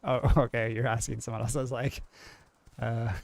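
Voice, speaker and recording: A man from New England with a New England accent, chatting casually with his live-stream audience as a game streamer, in a mellow, fairly monotone way full of "like" fillers. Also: medium pitch, moderate pace, gravelly, no room sound.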